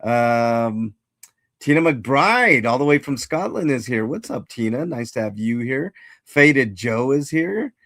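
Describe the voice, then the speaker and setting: A man's voice: mid-range voice, very animated, measured pace, fairly bright tone, no room sound, clean studio sound. A man hosting a casual livestream, rambling and greeting chat viewers by name. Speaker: livestream host.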